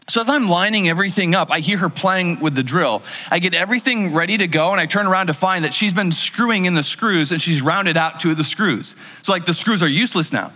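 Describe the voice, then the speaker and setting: Mężczyzna, pastor wygłaszający kazanie w żywym, gawędziarskim stylu, nagrany z długim pogłosem dużej sali. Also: male voice, high-pitched, fairly quick, few pauses, big-room sound. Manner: lively conversational storytelling with acted-out quotes. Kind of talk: sermon.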